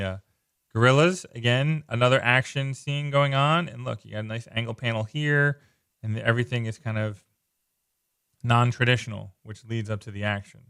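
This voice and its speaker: A man casually walking through comic book pages, excited and loose, leaning on "like" and repeating himself. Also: medium pitch, clear, resonant tone, no echo, studio quality. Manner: enthusiastic, loose, repeats words, lots of "like". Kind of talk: casual page-by-page comic commentary.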